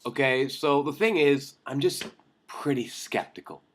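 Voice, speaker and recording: A young man hosting a comedic film commentary vlog, sarcastic and excitable, ranting with jokes. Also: mid-range voice, a little slow. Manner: sarcastic, excitable, jokey rants. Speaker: vlog host.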